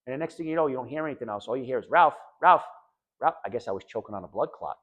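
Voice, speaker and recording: A middle-aged man with a New England accent speaks straight to a room of listeners about what he has lived through. His delivery is blunt and emphatic, with plain everyday phrasing. His pitch sits in an ordinary middle range. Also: very fast. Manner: blunt, emphatic, conversational, quotes others in animated voices. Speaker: patient speaker sharing his story. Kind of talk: candid personal talk to an audience.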